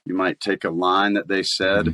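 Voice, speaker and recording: Easygoing Southern man, low voice. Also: little pitch movement, moderate pace, bright, forceful tone. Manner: easygoing and chatty, laughs often. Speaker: voice actor guest. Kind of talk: casual interview chat.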